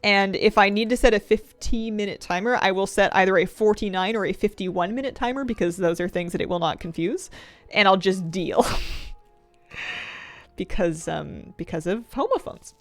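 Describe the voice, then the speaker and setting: A woman's voice: medium pitch, moderate pace, dry recording, soft background music. A woman chatting casually while streaming a game, rambling through asides and laughing often, close to a desk microphone at home. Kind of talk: casual chat while gaming.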